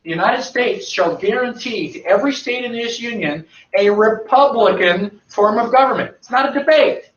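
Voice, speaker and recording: A man's voice: very high-pitched, normal speed, hardly any pauses, a bit bright. A man giving an emphatic lecture to an audience, firing rhetorical questions and answering them himself. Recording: echoey, distant, dull lo-fi.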